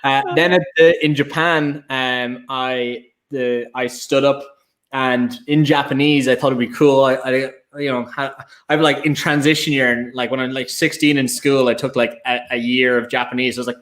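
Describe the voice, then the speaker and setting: A man's voice: mid-range voice, fairly even intonation, moderate pace, a bit bright. A young Irish man, a whiskey ambassador on a panel, telling self-mocking anecdotes in a loose, restarting way. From Ireland. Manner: rambling storyteller, many fillers and restarts, self-mocking laughs. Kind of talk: casual anecdotal chat.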